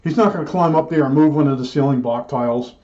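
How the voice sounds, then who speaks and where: A man's voice: mid-range voice, fast, mellow, highs cut off. An older man telling a rambling personal anecdote, chatty and digressive, with many restarts and asides. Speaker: storyteller recalling old work days.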